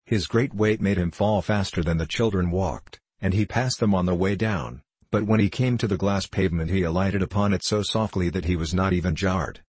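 A man reading a children's storybook aloud in a steady, even voice. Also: sits low, normal speed, hardly any pauses, husky, no echo. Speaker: audiobook narrator. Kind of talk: storybook narration.

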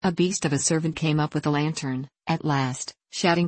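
A woman narrating a classic novel in a measured storytelling reading. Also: low voice, fairly even intonation, darkish tone, dry recording, rough recording. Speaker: audiobook narrator. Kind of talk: scripted narration.

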